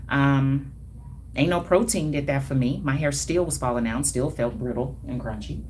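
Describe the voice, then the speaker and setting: A low-voiced woman holds forth on a casual livestream, sassy and emphatic, slipping into colloquial asides and quick chuckles. A faint hiss sits under her voice. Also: a little mellow. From Denver, Colorado. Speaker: hair stylist and brand owner. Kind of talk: casual livestream talk to viewers.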